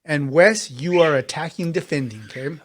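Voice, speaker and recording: A man narrates a tabletop game as game master, his voice sitting a touch high. He sets each scene in a loose, chatty way, full of fillers. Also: normal speed, fairly bright tone.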